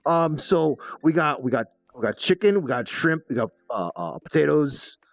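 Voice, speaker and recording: A man doing a gravelly New York food truck vendor in a role-play game, all "listen, kid" and bossy patter. His pitch swings widely as he pushes orders, and the voice sounds slightly dull and dry. The accent is a broad put-on. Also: expressive, moderate pace, dry recording. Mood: chatty. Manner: brusque, repeats "listen" and "kid".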